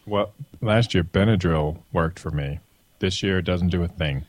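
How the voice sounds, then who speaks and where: Man, 30s, deep voice, blunt, teasing, matter-of-fact, dry close mic. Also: normal speed, no room sound. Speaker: podcast co-host. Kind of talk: casual chat.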